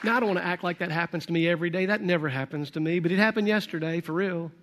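An earnest male pastor leads a sermon and prayer, his voice sitting a little high. He leans on repeated phrases with emphatic conviction. A long reverb trails his words through a large church hall. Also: very fast, crowd noise, background noise. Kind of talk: sermon with altar call and prayer.

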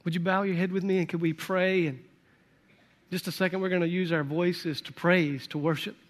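An earnest male pastor leads a sermon and prayer, his voice sitting a little high. He leans on repeated phrases with emphatic conviction. A long reverb trails his words through a large church hall. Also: steady tone, normal speed. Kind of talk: sermon with altar call and prayer.

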